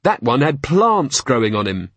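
A man's voice: medium pitch, big pitch swings, moderate pace, breathy edge, no room sound. A man voicing a sardonic young female watch officer who talks in a dry, sarcastic way.

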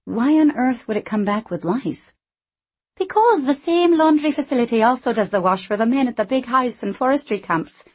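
Woman reading stern housekeeper, brisk, emphatic, breathy, storybook. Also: a little high, animated, pitched above the performer's own voice. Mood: chatty.

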